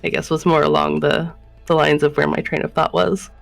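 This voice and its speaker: A woman with a gravelly, low voice plays a tabletop game. She talks tentatively and thinks out loud as she plans. Faint music plays in the background. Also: level tone, brisk, no echo. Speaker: player.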